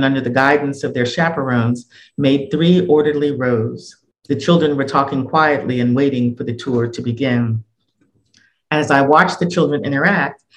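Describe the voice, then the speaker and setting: A man narrating a personal essay in a measured, reflective reading voice. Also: mid-range voice, low-quality recording.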